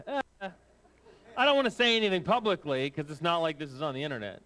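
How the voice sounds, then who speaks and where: A man's voice: a little high, big pitch swings, quick pace, sharp tone. A man hosting a convention, making announcements in a jokey, informal way. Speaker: show host. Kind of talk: event announcements. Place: convention hall.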